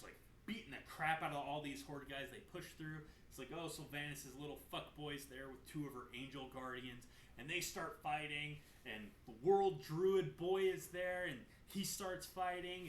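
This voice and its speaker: A young man casually recapping a game's story, animated, joking and swearing freely. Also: a little high, a little hiss or hum. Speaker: gaming channel host. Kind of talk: casual game lore recap. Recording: roomy echo.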